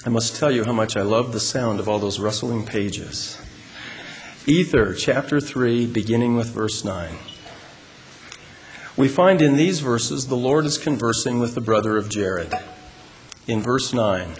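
Male preacher, measured and emphatic, mid-pitched, long hall reverb with faint background noise. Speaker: religious speaker. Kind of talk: sermon to a congregation. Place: large hall with an audience.

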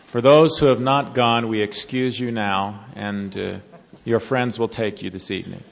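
A man's voice: on the low side, fairly even intonation, gravelly, slight background noise. Storytelling man preaching in a hall. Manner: storytelling, turning slow and earnest. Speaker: devotional speaker to college students. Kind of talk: sermon with folksy storytelling. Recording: long reverb of a large hall.

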